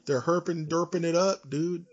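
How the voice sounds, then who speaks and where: A man co-hosting a casual podcast, ranting in an animated, emphatic way. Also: fairly high pitch, moderate pace, muffled recording, crowd noise. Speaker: podcast co-host. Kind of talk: casual chat.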